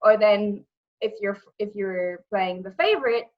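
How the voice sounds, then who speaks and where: A young woman with a Dublin Irish accent, a guest telling lively stories in a casual interview. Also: medium pitch, a little slow. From Ireland. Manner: animated storytelling, repeats words, acts out quotes. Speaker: interview guest, former wrestler and actress. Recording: muffled lo-fi audio.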